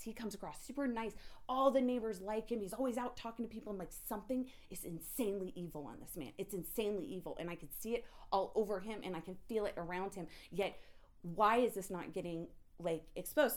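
A woman telling an emotional personal story in an intense, animated way, often restarting her sentences. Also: mid-range voice.

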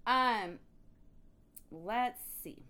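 A woman teaching a Bible study in a chatty, animated way, reading scripture and adding her own asides. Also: a little high, extremely slow.

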